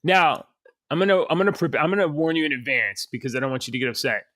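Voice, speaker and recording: Male podcast co-host, bright and playful, dry close mic. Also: a little high, lively intonation, quick pace, no echo. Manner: playful, teasing setups. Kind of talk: casual chat.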